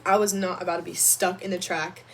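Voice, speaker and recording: Young woman, chatty storytime vlogger, animated delivery, faint room hiss. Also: lowish voice, brisk. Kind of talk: storytime vlog.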